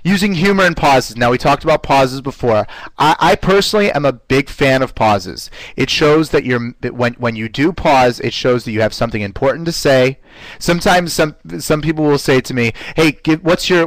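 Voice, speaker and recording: A man teaching a live online class in an upbeat, conversational way, often pausing with "uh" fillers. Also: no echo, low-quality recording. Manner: playfully shifts pitch to demonstrate voice technique. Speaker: webinar presenter.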